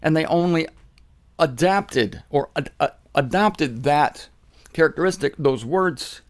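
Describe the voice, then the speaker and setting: A man giving a casual spoken Bible teaching, animated, repeating phrases for emphasis. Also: fairly high pitch, unhurried.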